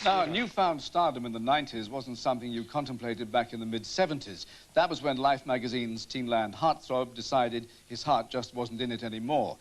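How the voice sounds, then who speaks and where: A man's voice: medium pitch, brisk, hardly any pauses. Man, tv host, scripted tribute presenter, polished announcing.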